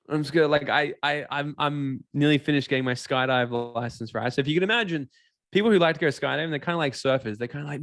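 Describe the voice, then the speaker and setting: A man's voice: mid-range voice, quick pace, dry recording, studio quality. A man giving a motivational seminar talk, acting out characters and asking the audience questions. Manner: animated, acts out characters and quizzes the audience. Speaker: seminar speaker.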